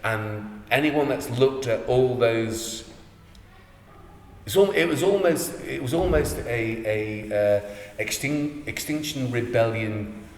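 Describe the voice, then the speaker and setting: A man's voice: medium pitch, lively intonation, takes it slowly. A man hosting a podcast, talking in a rambling, enthusiastic way with plenty of restarts. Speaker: podcast host. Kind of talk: casual chat. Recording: echoey room with faint noise.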